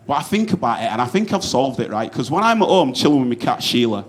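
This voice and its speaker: Talking quickly with hardly any pauses, a young Yorkshire man delivers stand-up on stage, swearing freely and rambling through anecdotes full of asides. He's from Yorkshire, England, and his mid-range voice swings widely in pitch.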